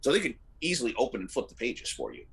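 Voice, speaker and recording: A man narrating as game master of a tabletop role-playing game, relaxed and descriptive. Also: medium pitch, fast, slightly rough. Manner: descriptive, relaxed, uses fillers.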